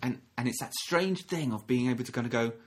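A man giving a gentle, reflective sermon, often restarting phrases and acting out short quotes. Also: mid-range voice, fast. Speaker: minister.

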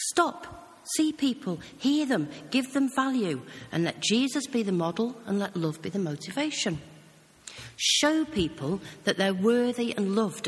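Speaking at medium pitch with a fairly bright tone, a preacher with a British accent tells stories conversationally during an earnest sermon. A long reverb from the hall hangs on the recording.

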